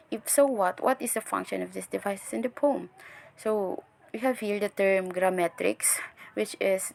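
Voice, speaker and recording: A woman's voice: medium pitch, gravelly, a little hiss or hum. A young woman giving a recorded class presentation, explaining step by step with frequent restarts and fillers. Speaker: student presenter.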